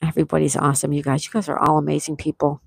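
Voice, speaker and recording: A woman hosts a relaxed morning livestream, reading out chat messages and gushing thanks to viewers one after another. Her voice sits fairly low, and the sound is close and dry with little room echo. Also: racing, gravelly. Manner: effusive, thanks viewers by name, reads chat aloud. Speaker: livestream host. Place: at home with a view, morning tea.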